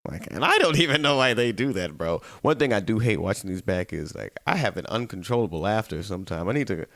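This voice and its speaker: A tired man hosting a solo podcast, chatting casually, laughing often and slipping into quick quoted voices. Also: low voice, animated, creaky, no room sound, studio quality. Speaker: podcast host.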